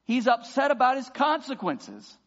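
A man preaching a sermon as pastor, passionate and building to loud emphatic peaks. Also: very high voice, wildly swooping pitch, normal speed. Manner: impassioned preaching, voices imagined prayers loudly. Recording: dull sound with long hall reverb.

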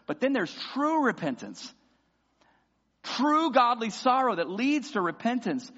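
A man's voice: extremely high pitch, sing-song, unhurried. Impassioned man preaching in a reverberant hall. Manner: impassioned preaching, voices imagined prayers loudly. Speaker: pastor. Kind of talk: sermon. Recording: dull sound with long hall reverb.

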